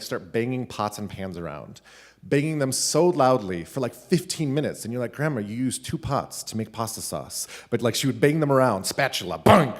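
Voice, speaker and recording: A man, a teacher, telling a funny personal story live at a school event, animated and laughing between lines. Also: medium pitch. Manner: animated, laughing, with many "like" fillers.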